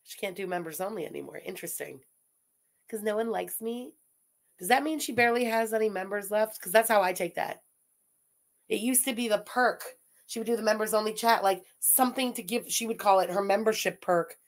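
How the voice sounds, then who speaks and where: A woman's voice: medium pitch, brisk. A woman giving blunt, sarcastic reaction commentary, mocking what a streamer says.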